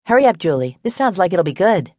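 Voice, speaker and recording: A woman voicing a shy, sweet young woman who is easily embarrassed, in a bright, eager way, in a dry audiobook recording. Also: lowish voice, sing-song, fast, no room sound, pitched above the performer's own voice.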